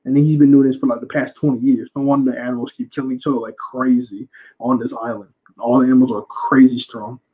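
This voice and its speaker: A young man recaps a movie in a loose, rambling way and keeps correcting himself. His voice is mellow and a bit husky. It comes through as a dull, lo-fi recording. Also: mid-range voice, little pitch movement, quick pace. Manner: rambling, slangy, self-correcting. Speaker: reviewer.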